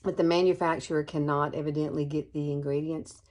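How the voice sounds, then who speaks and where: A woman in her sixties chatting her way through a makeup tutorial, upbeat and familiar, calling her viewers girlfriends. Her voice sits a little low for a woman. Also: level tone, fairly quick, a little mellow. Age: 60s. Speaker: beauty vlogger.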